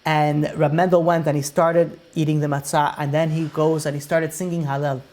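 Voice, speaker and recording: A rabbi recounting a gripping tale to his listeners. He speaks with lively, animated delivery and slips into the characters' voices as the story moves along. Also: a little high, normal speed. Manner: animated retelling that acts out the characters' lines. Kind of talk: dramatic storytelling lesson.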